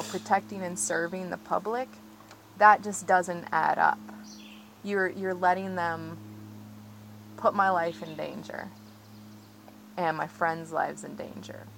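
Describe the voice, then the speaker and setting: Agitated woman with a gravelly low voice. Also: a bit bright, slight background noise, rough recording. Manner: earnest, agitated, frequent "like" and "you know". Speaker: interviewee, tree-sit protester. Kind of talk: recounting events in a field interview. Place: outdoors on her property near trees.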